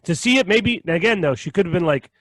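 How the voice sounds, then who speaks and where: A young man on a podcast telling a story in casual chat, animated and profane, often checking in with "right?" and "okay?". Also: high-pitched, quick pace, dry recording. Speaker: podcast co-host.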